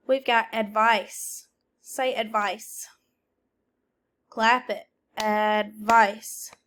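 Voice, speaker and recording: A woman teacher, speaking slowly and deliberately as she records a lesson for a substitute, calling out words for the class to repeat. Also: on the high side, fairly bright tone.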